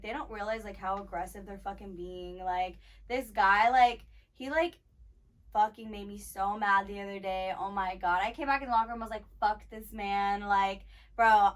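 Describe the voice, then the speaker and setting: A woman in her twenties co-hosting a podcast, telling blunt, profane stories in casual chat, full of "like". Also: mid-range voice. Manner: blunt, profane storytelling, heavy filler "like". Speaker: podcast co-host.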